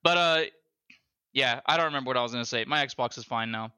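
Man, bright voice, somewhat high, profane storyteller, dry close sound. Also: fast talker, smooth, no room sound. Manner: profane, animated storyteller with loud laughing bursts. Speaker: podcast host. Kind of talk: casual chat, storytelling.

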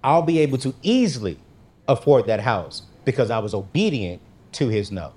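A man's voice: mid-range voice, big pitch swings, moderate pace, darkish tone. A man speaking as a guest, telling a personal faith story in a casual, slangy way and acting out his own quoted lines with big jumps in his voice. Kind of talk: animated storytelling testimony.

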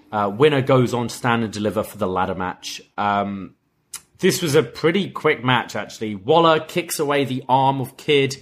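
A man co-hosting a wrestling review podcast, talking at an ordinary mid pitch. He retells events in loose, casual chat. He laughs as he goes and puts on quick voices for the quotes. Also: slight background noise. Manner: laughs while retelling, acts out quoted lines.

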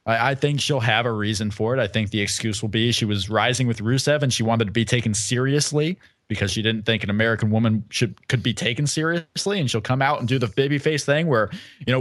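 A man's voice: mid-range voice, fast, no echo, studio quality. A man co-hosting a casual podcast, thinking aloud and hedging his predictions. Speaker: podcast co-host.

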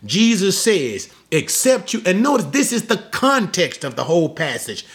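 Emphatic preacher with lively swooping pitch. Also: male voice, moderate pace. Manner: emphatic, repeats phrases for stress; rhetorical questions to the congregation. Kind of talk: expository sermon.

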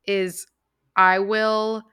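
A woman's voice: mid-range voice, little pitch movement, very slow, sharp tone, clear, resonant tone. A blunt woman co-hosting a podcast, speaking in a mid-range voice. She chats casually and swears freely in an unfiltered way. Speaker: podcast co-host. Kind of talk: casual chat.

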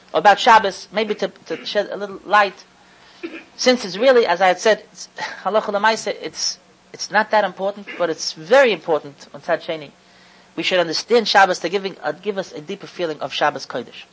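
A woman teaching a religious lecture to an audience, stressing key words slowly and often restarting phrases as she thinks aloud. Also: medium pitch, poor audio. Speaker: Torah lecturer.

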